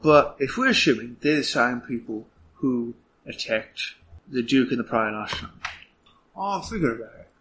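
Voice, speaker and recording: A man's voice: mid-range voice, expressive, normal speed, a bit bright, slight background noise. A man playing a tabletop role-playing game, thinking aloud in a hesitant way. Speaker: player. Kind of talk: tabletop role-play chat.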